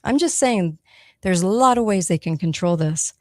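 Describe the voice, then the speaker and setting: A woman with a lowish voice hosts a talk radio show on her own. She talks emphatically and conversationally and keeps checking in with her listeners. The sound is dry and close, with no room around it. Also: expressive, moderate pace, darkish tone, no room sound. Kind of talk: solo talk radio monologue.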